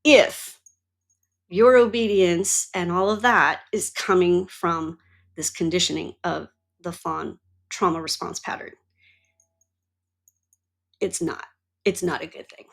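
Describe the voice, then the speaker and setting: A woman's voice: lowish voice, a little slow, creaky, pauses often. A middle-aged woman hosting her own show, talking candidly about her life and swearing freely. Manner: candid and animated, swears, acts out her own past reactions. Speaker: podcast host and mentor. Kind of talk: personal monologue.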